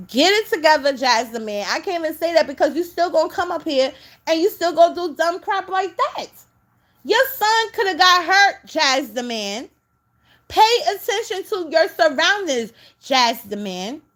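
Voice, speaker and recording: Reaction commentator: high-pitched woman, exasperated and scolding, casual delivery. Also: expressive, a little slow, fairly bright tone. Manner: scolding, exasperated, talks straight at the subject.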